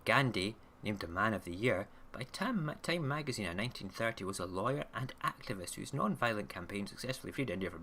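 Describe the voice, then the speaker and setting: A man's voice: fairly low pitch, animated, a little fast, few pauses, bright, forceful tone, a little hiss or hum. A man hosting an online radio show, rambling casually through news stories and often checking in with "okay?". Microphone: camera mic, recording himself on video.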